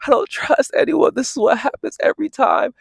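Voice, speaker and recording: A man's voice: very high-pitched, fairly quick, gravelly, breathy edge, no room sound, studio quality, pitched above the performer's own voice, exaggerated voice. A man mocking a weepy whining woman. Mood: mock weeping. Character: weepy self-pitying young woman.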